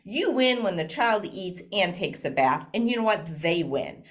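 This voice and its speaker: A woman guest talking casually in an interview, animated and laughing often, with frequent fillers. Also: lowish voice, measured pace. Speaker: guest, speaker and parent.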